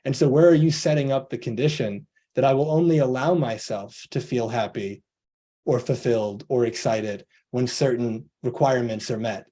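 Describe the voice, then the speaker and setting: A man with a mellow, relaxed voice speaks earnestly as a coach on a video call. He talks through his points by playing out little back-and-forth conversations, voicing both sides himself. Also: medium pitch, normal speed. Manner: earnest, acts out both sides of imagined dialogues. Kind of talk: motivational talk on a video call.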